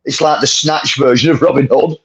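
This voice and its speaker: A man's voice: mid-range voice, fairly even intonation, brisk. Agreeable northern English man, crowd behind. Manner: agreeable, chiming in, repeating himself. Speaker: film club co-host. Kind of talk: casual film chat. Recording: dull lo-fi sound with crowd noise behind.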